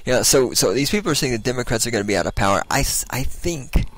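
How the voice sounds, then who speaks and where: A man's voice: mid-range voice, expressive, fast talker, a bit bright, rough recording. A man giving a blunt, sarcastic political monologue as host, laughing at his own jokes.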